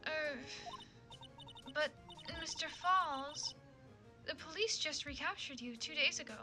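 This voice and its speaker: A woman's voice: sits high, slow pace, over music. Woman voicing a hesitant rookie female attorney. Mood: nervous. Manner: hesitant, stammering.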